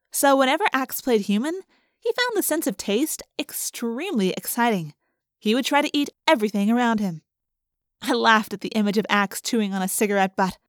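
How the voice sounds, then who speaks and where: A woman narrating a first-person audiobook in a lively, expressive way, speeding up in excited passages. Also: fairly high pitch, no echo, studio quality.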